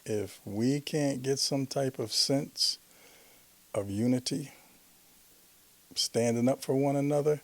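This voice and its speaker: A man's voice: medium pitch, slow, long pauses, dry recording. A man hosting a talk show, talking in an earnest, conversational way. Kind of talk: casual interview talk.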